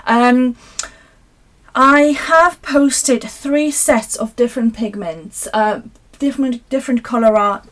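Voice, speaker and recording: A woman's voice: a little high, slow. A young woman from Poland, hosting a live craft session and chatting to viewers in a rambling, self-mocking way as she paints at her desk. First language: Polish. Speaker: craft video host. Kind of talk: casual live craft chat.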